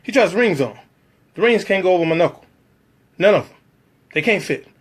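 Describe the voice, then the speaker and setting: A man's voice: high voice, expressive, brisk, breathy edge. A man telling a personal story about working as a background actor, acting out the other people's lines in shifting voices.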